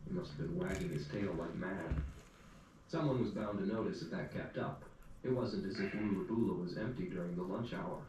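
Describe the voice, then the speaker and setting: A man's voice: low voice, moderate pace, a little mellow. A man narrating a first-person story in a dry, wry storytelling manner. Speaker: audiobook narrator. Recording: echoey room, distant mic, faint hum.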